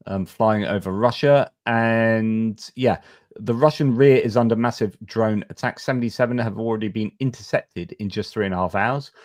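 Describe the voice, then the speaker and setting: A man's voice: on the low side, no echo, studio quality. A man hosting a live discussion stream, talking casually and rambling with fillers and restarts.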